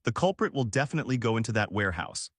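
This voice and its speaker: A man's voice: mid-range voice, big pitch swings, racing, a bit bright, husky, no room sound, clean studio sound. A man voicing an earnest, loyal young knight who speaks cautiously but firmly.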